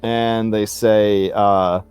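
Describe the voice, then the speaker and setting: A chatty game master with a low male voice, narrating the scene with loose asides and plenty of fillers. The mic is dry and close, and faint music runs underneath. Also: level tone, extremely slow, darkish tone, clear, resonant tone, no room sound.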